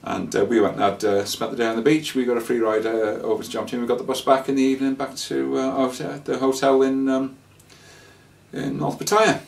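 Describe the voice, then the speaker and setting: A man's voice: medium pitch, flat delivery, creaky. Rambling man, slightly distant mic. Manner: rambling, halting with many fillers and restarts. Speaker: traveller sharing scam warnings. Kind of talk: casual spoken anecdote.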